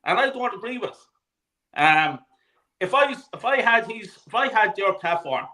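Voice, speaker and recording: Lively, bright-voiced Irish man telling stories. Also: high-pitched, a little slow, poor audio. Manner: animated, swears freely, laughs mid-story. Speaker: host of a football panel. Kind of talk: casual chat, storytelling.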